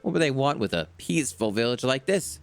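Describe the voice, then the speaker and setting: A man voicing a gruff male islander from a video game who insists that his pirate story is true, in a slow, emphatic way. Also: medium pitch, big pitch swings, pitched above the performer's own voice. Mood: insistent.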